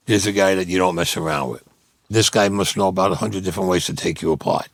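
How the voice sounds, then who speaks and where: In a storytelling interview, a Vietnam veteran from Brooklyn, New York bluntly recounts his war stories, acting out the dialogue in gruff street talk. His voice sits low and moves fast, with no echo.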